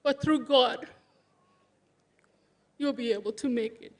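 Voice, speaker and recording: A woman's voice: fairly high pitch, slow. A woman giving a funeral eulogy for a family member, speaking in a heartfelt, conversational way with many restarts.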